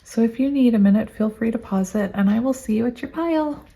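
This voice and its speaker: Chatty woman with a mellow voice. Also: on the high side, fast. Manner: chatty, gushing, thinks aloud with small laughs. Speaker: tarot reader. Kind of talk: casual tarot reading to camera.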